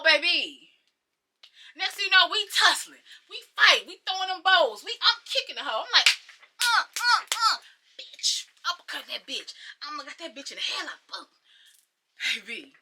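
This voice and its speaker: High, bright, animated woman storyteller. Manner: animated, dramatic, profane, slangy. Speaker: storytime vlogger. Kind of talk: casual storytelling.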